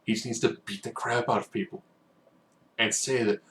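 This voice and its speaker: A man giving a casual, rambling spoken recap, now and then acting out quotes in loud bursts. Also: mid-range voice, fairly even intonation, normal speed, slight background noise. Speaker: wrestling recap host.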